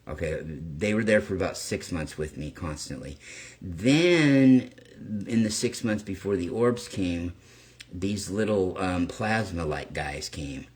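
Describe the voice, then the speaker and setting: Low-voiced man rambling through a story. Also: lively intonation, takes it slowly, darkish tone. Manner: rambling, swears casually, frequent "okay?" check-ins. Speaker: channel host. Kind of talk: casual storytelling monologue.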